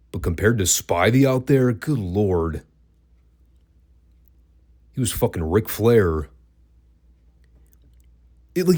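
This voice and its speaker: A man with a slightly low voice talks through old wrestling shows in a loose, casual podcast style. He is dry and profane, and sometimes breaks into laughter at his own jokes. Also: warm tone. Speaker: podcast host reviewing wrestling.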